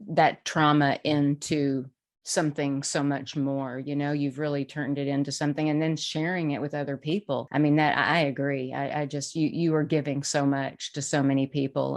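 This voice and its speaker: A woman co-hosting a podcast, affirming and appreciative, often restarting her sentences. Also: low voice. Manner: warm, affirming, stumbling restarts. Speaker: podcast co-host. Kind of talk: casual interview chat.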